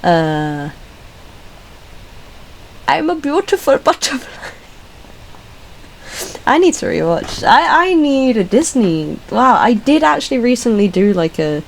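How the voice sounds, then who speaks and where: Animated, chatty British woman. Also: takes it slowly, gravelly, slight background noise, rough recording. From Britain. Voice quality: bursts into squeaky voice stims. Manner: chatty and scattered, swearing, laughing and trailing off. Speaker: video host. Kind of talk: casual solo ranking chat.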